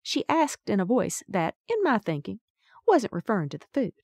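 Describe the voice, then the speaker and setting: A woman's voice: medium pitch, wildly swooping pitch, moderate pace, darkish tone, dry recording, clean studio sound. A woman narrating a first-person audiobook in a wry, folksy storytelling manner.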